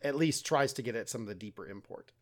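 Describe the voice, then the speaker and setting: A man co-hosting a podcast, explaining a medieval poem in a relaxed, self-deprecating way and acting out quoted lines. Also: medium pitch, fast. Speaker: podcast co-host, literature teacher. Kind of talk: casual literary discussion.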